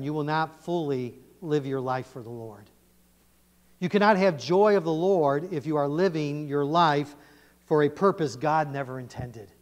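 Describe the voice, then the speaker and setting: A male pastor preaching a sermon in a church, animated and emphatic, often quizzing his congregation. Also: fairly high pitch. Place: church sanctuary. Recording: long church reverb.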